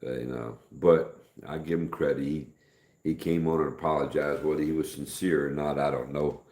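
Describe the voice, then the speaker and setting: A middle-aged man hosting a casual live stream, rambling in a folksy way, greeting viewers by name and speaking softer than usual. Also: rumbling low, steady tone, normal speed, echoey room.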